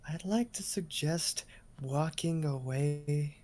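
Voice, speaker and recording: A man's voice: fairly high pitch, slow pace, darkish tone, slight background noise. A man playing a tabletop game who talks hesitantly, with lots of ums. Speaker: player.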